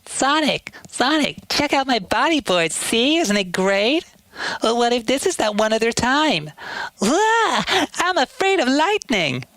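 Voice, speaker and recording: A man voicing an eager young boy fox sidekick, excited and bouncy. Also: extremely high pitch, unhurried, no echo, voice pushed up, full character voice.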